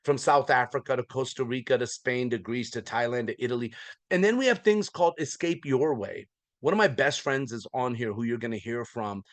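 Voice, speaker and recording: A man, likely in his forties, giving an energetic, folksy sales presentation on a video call, with lots of repetition. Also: mid-range voice, brisk, no room sound. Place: remote hotel room abroad.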